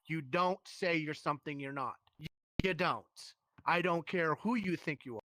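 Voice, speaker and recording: A man's voice: a little high, sharp tone, dry recording. A man who streams, telling a rambling, heated story in casual live-stream chat with many restarts.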